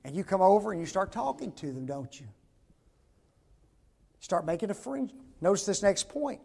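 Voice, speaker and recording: Older male preacher, very high pitch with a gravelly edge, folksy sermon delivery, peppers the talk with rhetorical questions. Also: big pitch swings, moderate pace, darkish tone.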